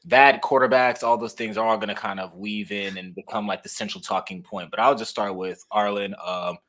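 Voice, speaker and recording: A young man co-hosting a sports podcast in a laid-back, measured way, with frequent ums. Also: on the low side, steady tone, a bit bright. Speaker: sports reporter, podcast co-host. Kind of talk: casual sports podcast chat.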